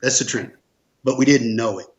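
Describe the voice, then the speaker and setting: A man's voice: mid-range voice, normal speed, muffled recording. Earnest man telling a business story. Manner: earnest, emphatic, repeats phrases for stress. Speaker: insurance agency owner, guest. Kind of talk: conversational storytelling.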